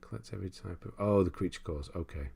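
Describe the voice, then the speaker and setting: A young man hosting a casual gaming livestream, working through viewer comments in a relaxed, rambling way. His voice sits low, and he breaks into laughter often as he chats. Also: fast, gravelly, breathy edge. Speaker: streamer host.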